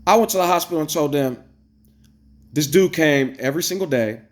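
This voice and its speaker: A man telling a story straight to his viewers in a casual, blunt, profane rant, swinging between loud exclamations and low asides. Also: brisk. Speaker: vlogger. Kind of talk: casual ranting storytelling to camera.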